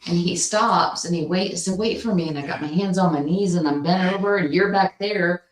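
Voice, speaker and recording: A woman co-hosting a casual chat, telling stories in an animated, laughing way. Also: lowish voice, normal speed, echoey room, low-quality recording. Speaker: co-host.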